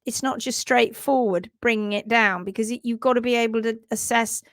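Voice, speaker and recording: High-voiced chatty woman hosting a livestream. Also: fairly even intonation, a little fast, no echo. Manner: chatty, upbeat, reads out viewer comments. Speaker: host and hoof care teacher. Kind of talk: casual livestream chat.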